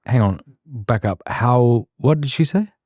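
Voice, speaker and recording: A man's voice: mid-range voice, animated, unhurried, darkish tone, no echo, studio quality. A man hosting a podcast, asking curious, prompting questions during a conversational interview. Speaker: podcast host.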